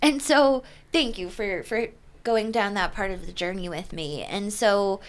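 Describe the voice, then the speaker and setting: A woman hosts a relaxed podcast conversation, asking her questions in an easygoing way. She keeps affirming her guest with quick "yeah"s and "right"s. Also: mid-range voice. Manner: friendly, affirming, with frequent interjections. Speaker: podcast host. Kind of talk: casual conversational interview.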